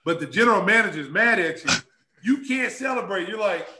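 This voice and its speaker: A man in his fifties, a guest telling a casual anecdote, animated and laughing often as he acts out other people's lines. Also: high voice, a little fast, noisy background. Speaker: guest, former pro basketball player. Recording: roomy echo.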